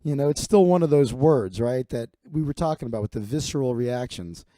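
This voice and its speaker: A man's voice: medium pitch, expressive, a little fast, mellow, dry recording. A man in his forties, a comedian host telling a rambling, profane story full of fillers and restarts. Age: 40s.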